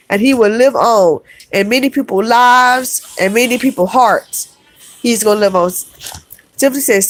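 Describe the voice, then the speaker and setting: A woman's voice: on the high side, dry recording. A middle-aged woman vlogger talking heartfelt to her live chat, calling her viewers y'all and repeating herself for emphasis. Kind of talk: emotional livestream chat.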